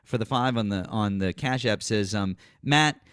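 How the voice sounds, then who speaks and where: A man's voice: on the low side, normal speed, clean tone, no echo, clean studio sound. A man hosting a casual political livestream, explaining points wryly and thanking viewers by name. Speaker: livestream host.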